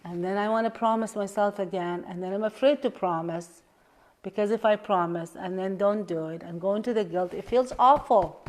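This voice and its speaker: A woman life coach in a live session, earnestly guiding listeners through a tapping exercise and repeating affirmations and questions, often dropping to a soft hush. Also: medium pitch, normal speed.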